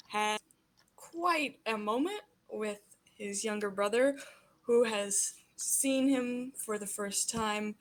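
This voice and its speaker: A woman narrating a tabletop role-playing game as game master, describing scenes in an unhurried, descriptive way. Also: medium pitch, a bit bright.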